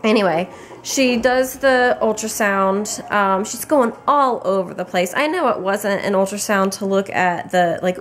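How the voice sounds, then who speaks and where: A woman's voice: medium pitch, unhurried. A tired young woman giving a casual pregnancy update to her camera, chatty and rambling with many fillers and restarts. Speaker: vlogger.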